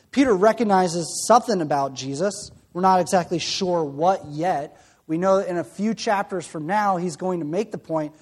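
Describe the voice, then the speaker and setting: A man's voice: sits high, normal speed, darkish tone. A man preaching a sermon in a conversational way, often asking the listeners questions.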